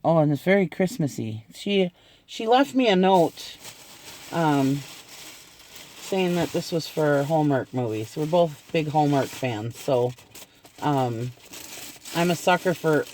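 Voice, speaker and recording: A man's voice: on the high side, expressive, takes it slowly, pauses often, a little mellow, a little hiss or hum. A middle-aged man chatting casually in an unboxing video, gushing and laughing often as he talks. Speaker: unboxing vlogger.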